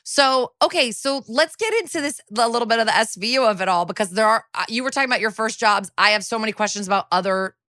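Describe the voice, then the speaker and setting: A woman co-hosting a podcast interview, asking upbeat, quick questions. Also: on the high side, lively intonation, pushed and bright, no room sound, studio quality. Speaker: podcast co-host. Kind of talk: casual interview chat.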